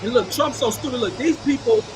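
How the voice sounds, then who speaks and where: A man giving loud, mocking, profane commentary over news footage, scornful and quick to laugh. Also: extremely high pitch, background noise.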